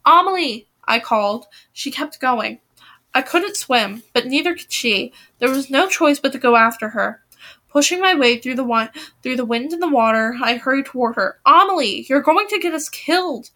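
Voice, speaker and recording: A young woman with a high, bright voice reads a novel aloud. She gives the dialogue lively emphasis, rising sharply when characters shout. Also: normal speed. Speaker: reader of a novel.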